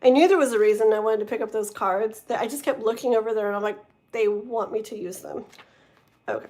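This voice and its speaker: Chatty, slightly high-voiced woman tarot reader. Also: a little fast, warm tone. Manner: chatty and rambling, reads card meanings aloud. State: tired, strained voice. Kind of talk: casual livestream chat and card reading.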